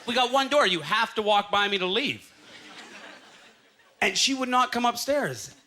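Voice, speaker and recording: A man from Canada in his thirties tells stand-up stories on a club stage, acting out quick bits of dialogue. His voice sits high and sounds bright and forward. Faint crowd noise and laughter sit behind him. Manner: animated storytelling with quick acted-out quotes. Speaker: stand-up comedian. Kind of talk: stand-up comedy set. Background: faint audience laughter.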